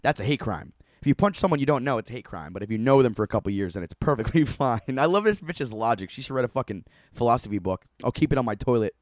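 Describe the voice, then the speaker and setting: A man's voice: medium pitch, expressive, fast, no echo, studio quality. A man streaming a reaction to a video, giving profane, mocking running commentary and laughing often.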